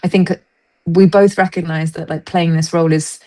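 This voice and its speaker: This woman has a lowish voice and speaks at normal speed. A stage actress on a podcast, she chats casually as an interview guest, animatedly acting out other people's lines as she tells her stories.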